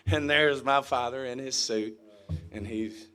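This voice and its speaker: A man, a guest speaker telling a folksy, animated story, acting out the quotes and laughing along. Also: mid-range voice, takes it slowly, a crowd in the background. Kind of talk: storytelling speech.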